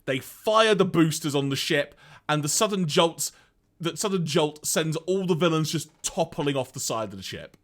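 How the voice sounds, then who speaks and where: A man co-hosting a podcast, recapping an episode in a casual, animated way and reading out lines. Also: fairly high pitch, moderate pace. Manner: animated storyteller, reads out lines, laughs often. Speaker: podcast co-host.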